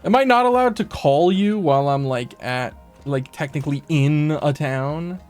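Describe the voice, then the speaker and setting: A man's voice: a little high, normal speed, a little mellow. A man streaming a game, chatting casually, swearing a lot and talking to the characters on screen, with faint game music behind. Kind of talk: casual gameplay commentary.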